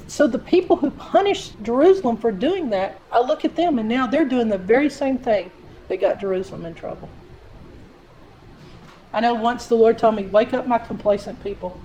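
A woman's voice: fairly high pitch, dark tone, a little hiss or hum, poor audio. A woman giving a sermon, reading scripture aloud and explaining it in an earnest, direct, conversational way. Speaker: Bible teacher.

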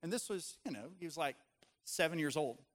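Male pastor, middle-aged, earnest conversational sermon delivery, slightly higher voice. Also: expressive, a little fast, long reverb tail. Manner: earnest, conversational preaching with scripture readings.

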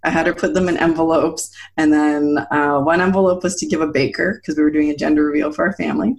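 A woman in her thirties, telling a personal story in a casual chat, animated and laughing often as she acts out quotes. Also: deep voice, fast. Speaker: guest.

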